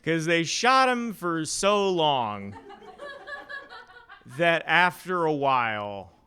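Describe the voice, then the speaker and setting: A man doing a stand-up set at an open mic in a small comedy club, telling dark jokes deadpan with halting fillers. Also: on the high side, slight background noise.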